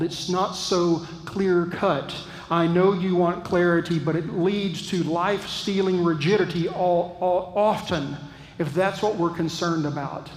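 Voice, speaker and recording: A man preaching a sermon as pastor, earnest and reflective, with thoughtful pauses. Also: high-pitched, steady tone, echoey room, big-room sound, poor audio. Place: church.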